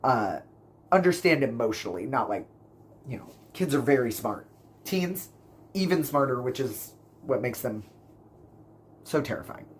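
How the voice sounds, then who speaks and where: A man's voice: medium pitch, very animated, measured pace, pauses often, a little hiss or hum. A man rambling casually through book reviews for his channel, full of fillers and self-corrections, gushing about what he loved. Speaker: book vlogger.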